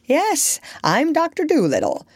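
A woman's voice: fairly low pitch, sing-song, normal speed, no echo, clean studio sound. A woman voicing a kind, bustling little man, a country doctor who talks in cheery, eager exclamations. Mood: brisk welcoming.

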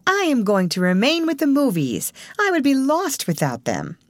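A woman voicing a lively, cheerful young woman who speaks eagerly. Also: high voice, normal speed, no room sound, pitched above the performer's own voice, heavily acted. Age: young adult. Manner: eager, exclamatory.

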